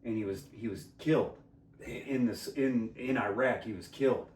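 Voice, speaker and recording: A man telling a crude story in casual talk, swearing a lot, laughing and shouting out the lines he quotes. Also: on the low side, moderate pace. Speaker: podcast guest telling a story. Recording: echoey room from far off the mic.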